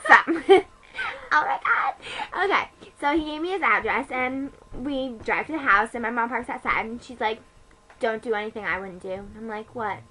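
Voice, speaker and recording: Bratty teen gossip played by a teenage girl, high and bright, rambling and profane. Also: expressive, normal speed, low-quality recording. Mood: snarky. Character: snarky ditzy teenage girl gossiping about a date. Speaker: comedy vlogger. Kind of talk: improvised comedy monologue.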